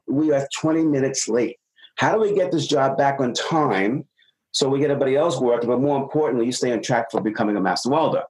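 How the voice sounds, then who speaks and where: Animated male business consultant. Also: mid-range voice, low-quality recording. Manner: animated storyteller acting out dialogue. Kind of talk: casual advice talk.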